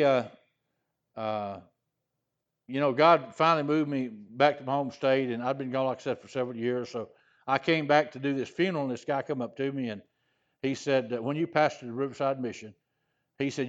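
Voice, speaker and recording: An older Louisiana pastor with a mid-range voice preaches a sermon, and the recording's highs are cut off. He tells a personal story in a folksy, rambling way, repeating "he said" and filling gaps with "uh."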